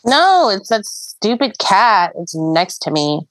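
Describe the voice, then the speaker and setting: A woman on a casual podcast, venting in a frank, exasperated way. Her voice is mid-pitched and recorded close, with a dry sound. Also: sing-song, slow, dry recording, low-quality recording. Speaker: podcast co-host. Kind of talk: casual chat.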